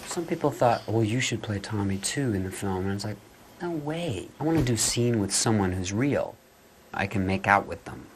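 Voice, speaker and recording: A man with a deep, low voice tells stories from making a film in a documentary interview. He speaks reflectively, with a faint hiss of noise under the recording. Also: expressive, fairly quick. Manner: reflective anecdotal storytelling.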